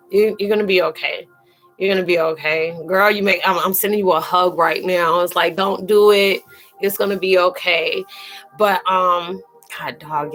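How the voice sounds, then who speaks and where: A woman's voice: fairly low pitch, fairly bright tone, poor audio. Tearful woman hosting a spiritual live chat. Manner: emotional and earnest, addressing viewers by name; colloquial, fillers and restarts, calls listeners sweetie. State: close to tears. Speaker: live-stream host and spiritual reader.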